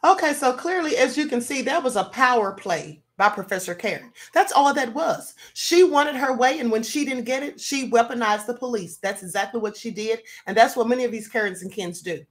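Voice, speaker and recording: A woman's voice: a little high, animated, brisk, hardly any pauses, fairly bright tone. A woman hosting her own show, giving indignant commentary full of rhetorical questions. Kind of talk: casual commentary.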